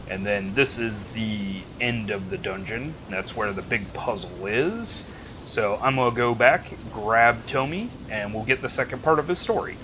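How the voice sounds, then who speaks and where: A man's voice: medium pitch, noisy background. A man casually commentating his gameplay with dry jokes. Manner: casual, joking. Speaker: let's play host.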